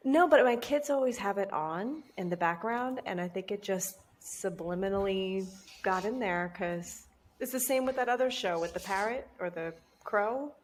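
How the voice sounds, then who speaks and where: A woman's voice: mid-range voice, normal speed, slight background noise. Joking woman co-host in casual chat.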